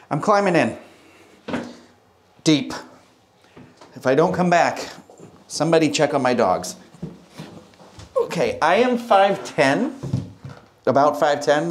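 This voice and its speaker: A young man walks through a hotel room, chatting casually and cracking self-mocking jokes. His voice sits in an ordinary middle pitch, loose and unscripted. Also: slight background noise. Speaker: room tour host. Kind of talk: casual walk-through vlog.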